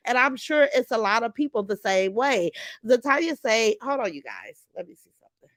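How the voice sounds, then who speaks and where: A woman's voice: fairly high pitch, animated, moderate pace, fairly bright tone, no echo. Chatty woman hosting a live chat. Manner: chatty, addresses viewers directly, reads comments aloud. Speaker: livestream host reading chat.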